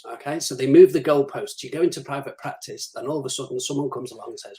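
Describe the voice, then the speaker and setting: A man's voice: medium pitch, fast talker, few pauses, warm tone, rough recording. A man speaking as the guest on a live-streamed interview, talking through business development advice and acting out the questions clients put to him. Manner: practical, advisory, acts out clients' questions.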